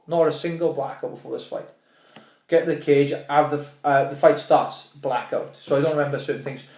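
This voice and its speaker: A young Welsh man, a podcast guest, telling stories in casual chat, animated and swearing, acting out what people said. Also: on the high side, a little fast, roomy sound. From Wales. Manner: animated, swearing, restarts and acts out quotes.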